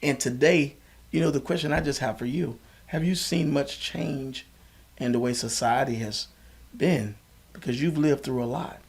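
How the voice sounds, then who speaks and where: A man's voice: medium pitch, normal speed, vocal fry, husky. A man as a podcast guest, encouraging the host in a preacher-like way. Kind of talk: conversational interview.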